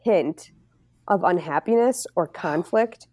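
A woman's voice: lowish voice, expressive, slow pace, dark tone. A young woman on a casual podcast speaks earnestly and self-deprecatingly, packing her sentences with "like". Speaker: podcast co-host. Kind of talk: casual candid conversation.

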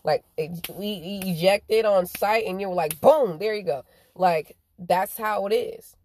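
A woman, ranting in a profane stream-of-consciousness monologue, swinging between drawn-out slow phrases and quick bursts. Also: medium pitch, darkish tone, no echo.

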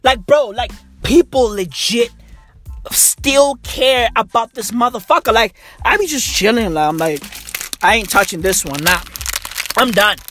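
A man's voice: high voice, a little slow, sharp tone, faint music behind. Swearing man ranting. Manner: rambling, repetitive, heavy swearing. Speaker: vlogger. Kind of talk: profane casual rant.

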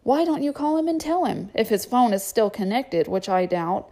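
A woman's voice: fairly high pitch, big pitch swings, normal speed, dark tone. A woman voicing a harried single mother, weary and wry, scolding her children at dinner. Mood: sarcastic.

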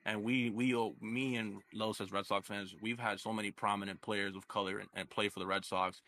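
A man with a fairly low voice and a forceful, bright edge talks through a loose sports chat as co-host. He rambles and circles back, leaning on "like" and "you get me" as he works out his point. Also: steady tone, a little fast. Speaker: podcast co-host.

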